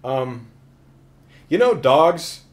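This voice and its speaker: A man's voice: on the high side, big pitch swings, very slow. A man casually recapping a horror film in a joking, sarcastic way. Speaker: film reviewer.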